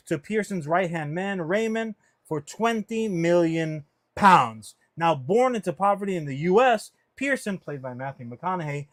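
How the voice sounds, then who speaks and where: Man, high-pitched voice, casual podcast chat, animated, profane, rambling. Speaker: podcast co-host. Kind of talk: casual pop-culture chat.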